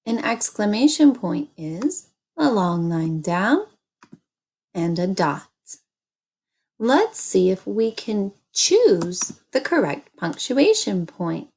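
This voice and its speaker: A woman teaching an early-grade reading lesson, speaking slowly and deliberately and repeating little chants for children. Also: mid-range voice, sing-song, a little mellow, breathy edge.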